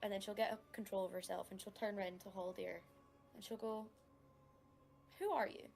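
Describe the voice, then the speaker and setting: A female player describing her character's actions in a relaxed, casual way. Her voice is mid-pitched, with a marked gravelly fry. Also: quick pace, faint music behind. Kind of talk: casual tabletop play.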